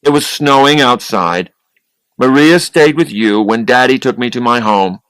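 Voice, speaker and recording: A man's voice: medium pitch, unhurried, a bit bright, smooth, no echo, pitched above the performer's own voice, close to an everyday voice. A man reading as an adult character who speaks literally and repeats dates and phrases exactly. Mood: matter-of-fact.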